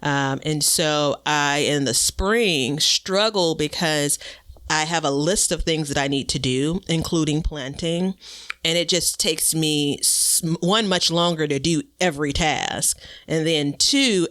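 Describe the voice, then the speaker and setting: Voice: medium pitch, unhurried, a bit bright, dry recording, clean studio sound. A podcast co-host chatting casually about gardening, rambling and self-deprecating with lots of fillers.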